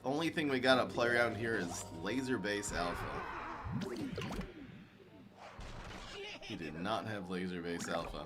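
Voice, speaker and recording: Animated streamer with a New York accent. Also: male voice, on the low side, unhurried, pauses often, music in the background. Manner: excitable, talks to chat, bursts of exasperated laughter. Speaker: game streamer. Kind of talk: live game commentary.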